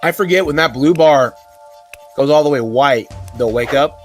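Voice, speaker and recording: A man with a relaxed, easygoing way of talking, musing aloud as he plays. Faint game music hums underneath. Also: on the high side, moderate pace. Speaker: game player. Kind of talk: casual co-op gaming chat.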